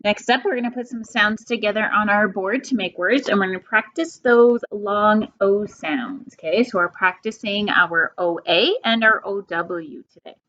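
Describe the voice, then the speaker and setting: A woman teacher leading a phonics lesson for young children, drawing each sound out slowly and patiently. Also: mid-range voice, a bit bright. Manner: slow, patient, drawn-out sounds. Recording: dull lo-fi sound.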